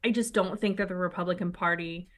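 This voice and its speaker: A woman's voice: on the low side, steady tone, fast. Sardonic woman talk show co-host. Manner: opinionated, sardonic, argues point by point. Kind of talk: political talk show chat.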